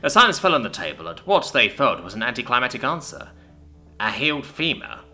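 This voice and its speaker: Bright, animated male story narrator. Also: mid-range voice, quick pace, soft background music. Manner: expressive storytelling. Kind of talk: scripted narration.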